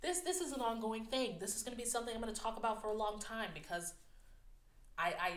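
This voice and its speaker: A woman's voice: mid-range voice, moderate pace, a bit bright, reverberant. A woman vlogger talking candidly about herself in an open, self-deprecating way, sometimes tripping over her words. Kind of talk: candid personal reflection.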